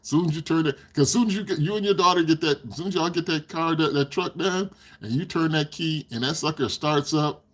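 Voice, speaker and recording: Husky older man chatting on a livestream. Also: a little high, fairly quick, hardly any pauses, a bit bright. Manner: rambling storyteller, laughs often. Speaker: livestream host. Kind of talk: casual livestream chat.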